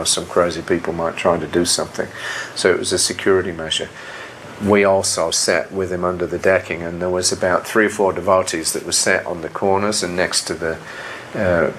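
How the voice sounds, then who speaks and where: Low-voiced older man reminiscing. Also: slight background noise. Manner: relaxed, conversational recollection. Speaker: interviewee. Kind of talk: reminiscing interview.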